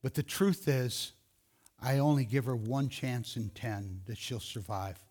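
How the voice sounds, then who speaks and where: A man voicing a hushed, grave doctor. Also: mid-range voice, measured pace, slightly rough. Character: grave male doctor giving bad news.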